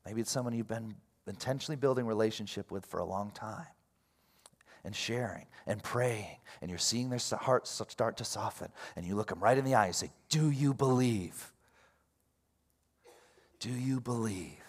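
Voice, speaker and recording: A man preaching a sermon in a casual, animated way, going from quiet asides to loud bursts. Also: fairly low pitch, fairly quick. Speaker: pastor.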